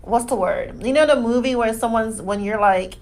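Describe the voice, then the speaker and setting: A young woman co-hosting a podcast, chatting casually with loud, crude jokes and frequent laughter. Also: on the high side, moderate pace. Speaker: podcast co-host. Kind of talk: casual chat.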